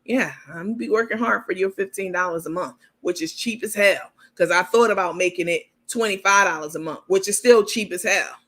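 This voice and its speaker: Woman host, sassy livestream banter with viewers, bright forceful voice. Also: mid-range voice, a little fast, few pauses. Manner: sassy, joking, talks straight to viewers. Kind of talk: casual live-stream commentary.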